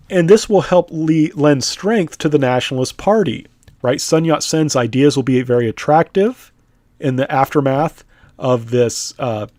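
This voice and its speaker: Man, history teacher, casual lecture, lots of "right?" and "uh", mid-pitched voice, dry close recording. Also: a little mellow, no echo. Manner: conversational, frequent "right?" and "uh" fillers.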